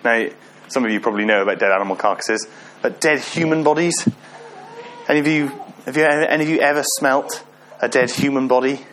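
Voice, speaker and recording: A man's voice: mid-range voice, a little fast, fairly bright tone, a little hiss or hum. A man giving an informal sermon, often asking the congregation questions and joking with them. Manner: chatty, asks the audience questions, self-deprecating humor. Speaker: preacher.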